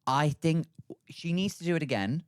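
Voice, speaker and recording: A man from the UK hosting a podcast, chatting casually with playful, expressive banter. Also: fairly high pitch, moderate pace, smooth, no room sound, studio quality. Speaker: podcast host. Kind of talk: casual chat.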